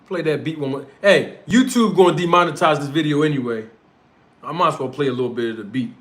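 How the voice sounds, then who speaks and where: Ranting confrontationally on his livestream, this North Philadelphia host and streamer talks fast in street slang. His male voice sits a little high and comes across a bit bright.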